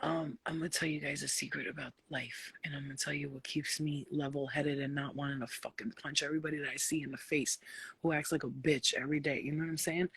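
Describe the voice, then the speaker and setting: A woman's voice: sits low, little pitch movement, quick pace, gravelly, fairly bright tone, husky, no room sound. A woman hosting a casual late-night spiritual live chat, blunt and profane, often slipping into playful voices. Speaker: spiritual live-stream host.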